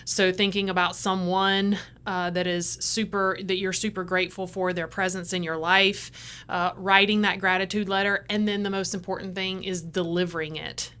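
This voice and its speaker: A woman's voice: mid-range voice, flat delivery, normal speed, sharp tone, smooth. A woman co-hosting a podcast, explaining practical ideas in a friendly, casual way. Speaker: podcast co-host. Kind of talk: casual chat.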